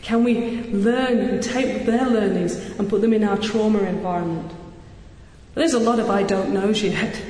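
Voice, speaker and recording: A woman giving an earnest, energetic public talk as a surgeon, with touches of self-deprecating humor. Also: mid-range voice. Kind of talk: public speech. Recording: echoey hall with long reverb.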